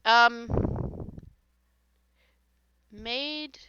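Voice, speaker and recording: A woman's voice: a little high, very slow, muffled recording, noisy background. A woman streaming live, chatting casually and reading out viewer comments, blunt and easily exasperated, swearing now and then. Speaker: streamer reading paranormal posts.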